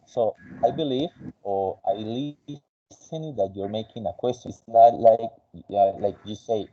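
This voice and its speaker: A man with a lowish voice runs an English lesson, patient and encouraging, stopping often with "uh" and "okay?" to correct his student. The audio is dull and lo-fi, like a call recording. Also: unhurried, warm tone. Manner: patient, coaching, many fillers. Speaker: English teacher. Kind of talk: online English class.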